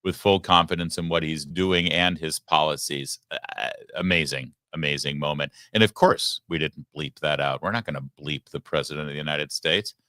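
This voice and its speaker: A male show host giving live political commentary in a low, bright, forceful voice. He speaks emphatically and drops sarcastic asides. The sound is dry and close to the mic. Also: normal speed, few pauses, no room sound.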